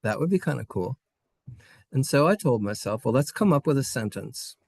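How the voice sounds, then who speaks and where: A man teaching a Hebrew class, playful and sing-song, sounding out letters and syllables slowly for his students. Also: medium pitch, lively intonation, vocal fry, no echo. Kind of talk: classroom lesson. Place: synagogue classroom.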